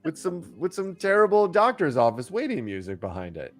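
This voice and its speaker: A man's voice: on the high side, wildly swooping pitch, brisk, soft background music. A man co-hosting a casual news chat show, joking and rambling with plenty of restarts and fillers. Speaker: podcast co-host.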